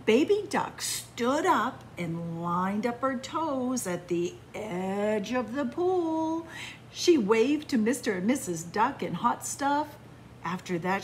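Slow, animated woman storyteller. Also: fairly high pitch, a little hiss or hum. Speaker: children's librarian. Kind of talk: picture-book read-aloud.

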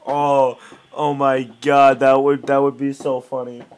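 A man's voice: medium pitch, measured pace, clean tone. A man hosting a gameplay video, chatting casually and teasing a friend. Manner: excitable, giggly, teasing.

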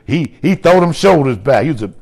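A middle-aged man preaching a sermon, animated, with shouted exclamations and slow, drawn-out scripture reading. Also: on the high side, vocal fry. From United States. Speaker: bishop and pastor.

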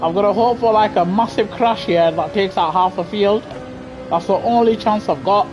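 Excitable British man streaming a racing game. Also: high voice, normal speed, music in the background. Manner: excitable and chatty, laughs often, mock outrage. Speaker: gaming streamer. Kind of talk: live racing game commentary. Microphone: gaming headset.

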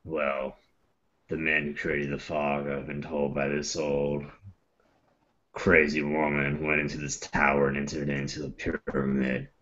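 A gruff, menacing adventurer who talks in a deep, slow growl, as a man plays him. His voice sinks very low, and the recording is dull and lo-fi. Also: completely flat delivery, fairly bright tone, exaggerated voice. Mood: ominous. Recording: muffled lo-fi recording.

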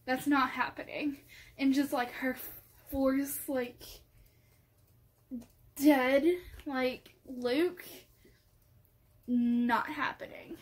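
Gushing high-voiced woman book vlogger. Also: slow, long pauses. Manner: gushing, excitable, trails off into soft asides. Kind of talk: casual chat.

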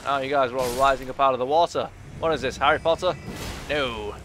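A man's voice: medium pitch, brisk, background noise. Chatty man playing a game. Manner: chatty, talks to enemies, muttering asides. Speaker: gaming YouTuber. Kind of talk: let's play commentary.

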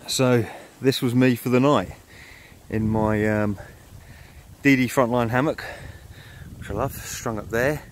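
A man's voice: mid-range voice, fairly even intonation, unhurried, a little hiss or hum. A man chatting casually to a handheld camera while camping outdoors on a cold moor, telling a story with plenty of fillers. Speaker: motorcycle camping vlogger. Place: outdoors at a moorland campsite in winter.

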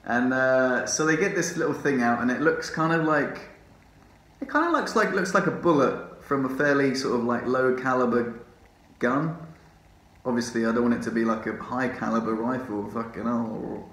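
A man's voice: medium pitch, normal speed, a bit bright. A man vlogging casually from a rehab ward, rambling, drowsy from morphine, swearing and laughing often. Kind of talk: casual vlog chat. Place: rehab hospital room. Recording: roomy echo.

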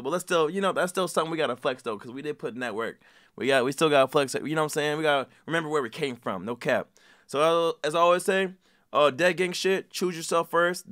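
A man's voice: on the high side, a bit bright. A man hosting a reaction video, talking in a casual, profane and rambling way full of slang.

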